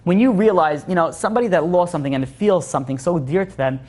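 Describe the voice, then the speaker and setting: Earnest rabbi man, fairly high voice. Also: quick pace, darkish tone. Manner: earnest, repeats phrases for emphasis. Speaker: rabbi teaching a class. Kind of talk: informal classroom lesson.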